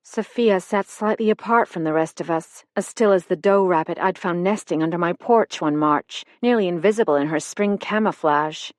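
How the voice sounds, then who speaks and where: A woman narrating a mystery audiobook in an even, measured voice from a close studio mic. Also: on the low side, dry recording. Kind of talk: scripted narration.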